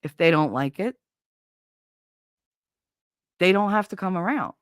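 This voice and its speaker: Talking a little slowly in a fairly low, expressive voice, a woman rambles bluntly and profanely during a casual livestream on her own channel. The desk-microphone audio is clean studio sound with no echo.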